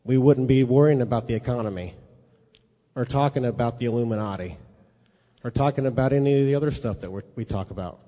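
A preacher teaches a sermon conversationally, checking in with his listeners often, while a hall's long reverb trails his words. He talks fast, with a medium-pitched, warm voice.

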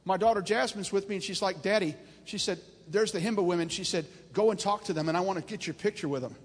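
A man preaching a sermon, telling stories in an animated voice that climbs and grows loud at its peaks. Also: high-pitched, fast talker, breathy edge. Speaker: pastor. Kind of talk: storytelling sermon. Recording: long hall reverb.

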